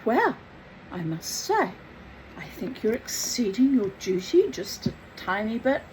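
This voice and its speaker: A woman's voice: fairly high pitch, sing-song, measured pace, darkish tone, slight background noise, low-quality recording. A woman voicing a genteel, flustered young man who protests politely in a put-on American drawl. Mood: indignant.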